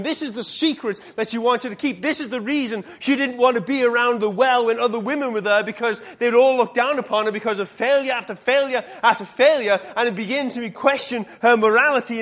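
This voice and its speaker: A male preacher with a fairly high voice tells a story from the pulpit. He is animated, with emphatic, loud build-ups. His delivery draws the listener into the narrative. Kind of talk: sermon.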